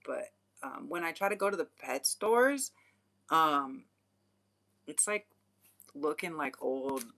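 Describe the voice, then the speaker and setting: A young adult rambles through a casual story with a bright, sharp voice. Laughter keeps breaking into the talk, which is full of slang, fillers and freely dropped swear words. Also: medium pitch, expressive, slow, vocal fry. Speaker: spiritual channeler and vlogger.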